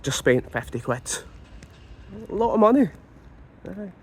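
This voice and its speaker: A man with a Scottish accent telling a comic story as a monologue, animated and stumbling over repeated words in mock outrage. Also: sits high, measured pace, a little hiss or hum.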